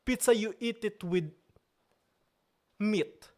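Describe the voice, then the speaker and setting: Slow-talking playful man streaming live. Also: sits high, a little mellow. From Italy. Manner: playful mock outrage, slow drawn-out delivery. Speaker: livestream host. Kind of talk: casual live-stream chat.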